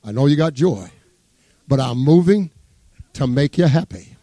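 A man preaching a sermon as pastor, fervent, swinging between loud exclamations and hushed asides as he reads scripture. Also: on the high side, lively intonation, moderate pace, no room sound. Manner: exclaims praise words, reads scripture aloud.

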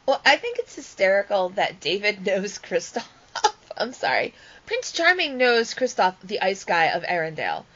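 A woman hosts a casual chat and steers the talk with animated questions. Her pitch swings widely as she talks. The sound is dull and lo-fi. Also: normal speed. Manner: animated, leads the discussion, laughs often. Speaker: podcast host.

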